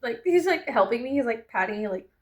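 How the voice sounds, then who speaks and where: A woman's voice: on the high side, lively intonation, quick pace. A young adult woman chatting casually in a vlog, rambling, laughing often and swearing freely. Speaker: vlogger.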